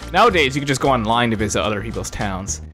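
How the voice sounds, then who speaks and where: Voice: mid-range voice, expressive, quick pace, fairly bright tone, soft background music. A host giving casual, jokey commentary while playing a video game. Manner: chatty, jokey, with many fillers. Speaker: let's play host.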